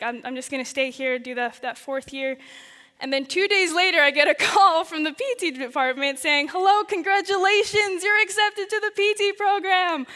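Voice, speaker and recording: A young woman giving a personal testimony in chapel, telling her story in an animated way with frequent laughs. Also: high-pitched, long reverb tail. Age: young adult. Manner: animated storytelling, laughing often, voices her past thoughts. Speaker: student chapel speaker. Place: large chapel.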